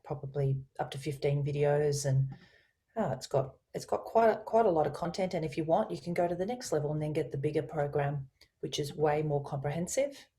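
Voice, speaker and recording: A woman voice coach, speaking as a guest over a video call, explaining her ideas with enthusiasm and lively emphasis. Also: deep voice. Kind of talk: guest in a business interview.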